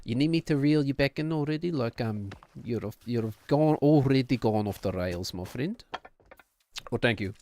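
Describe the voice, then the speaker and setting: A man's voice: mid-range voice, animated, moderate pace, darkish tone. Rambling man streaming casually. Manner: rambling, self-deprecating, frequent fillers. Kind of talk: casual chat while gaming.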